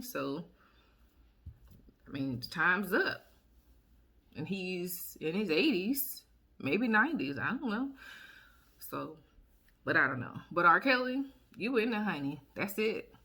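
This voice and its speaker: A woman, chatting casually to camera as a vlogger, sassy and quick to laugh and exclaim. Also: low-pitched, sharp tone, husky. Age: 30s.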